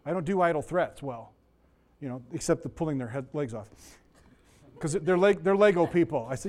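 With a fairly quick, expressive delivery and a high, slightly mellow tone, a middle-aged man teaches from the Bible. His voice is a little sore as he chats his way through anecdotes and tangents.

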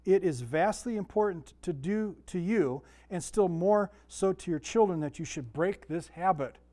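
A man's voice: high voice, expressive, moderate pace, warm tone. A man giving a casual, folksy Bible lesson, often asking his listeners questions and telling stories. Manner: folksy, chatty, asks the room questions. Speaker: Sunday school teacher.

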